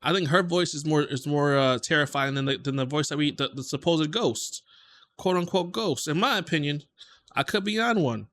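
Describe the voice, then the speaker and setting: A man's voice: a little high, normal speed, fairly bright tone. A man hosting a reaction video, talking casually and repeating himself as he insists he does not believe a clip. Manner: emphatic, repeats himself in disbelief.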